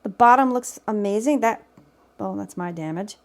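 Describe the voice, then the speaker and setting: A woman's voice: medium pitch, moderate pace. A woman giving casual, off-the-cuff cooking commentary from her home kitchen, chatty and teasing herself, speaking off camera. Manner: chatty, self-teasing, talks while tasting. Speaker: cooking vlogger. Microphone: camera mic, speaker off camera.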